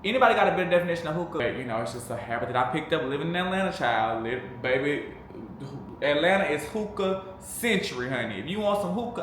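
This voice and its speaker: A truck driver vlogs casually to the camera, chatty and sassy, calling his viewers babes and honey. His mid-range voice is a bit bright, and he's in a small room, either at home or in a truck cab, where the echoey recording picks up faint background noise.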